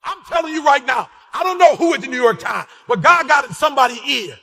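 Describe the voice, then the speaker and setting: A man giving an impassioned sermon-style motivational speech, fiery and repetitive, calling out to the crowd and breaking into shouts. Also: extremely high pitch, lively intonation, quick pace, gravelly, in a large hall. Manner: fiery, repetitive call-and-response, bursts into shouts. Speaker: motivational speaker and preacher.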